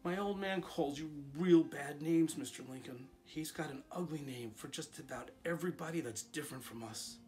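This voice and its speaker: Upset defiant little schoolboy, guy doing the voice in a storybook read-aloud, kinda pleading and higher. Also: moderate pace, hardly any pauses, a little mellow, lightly acted.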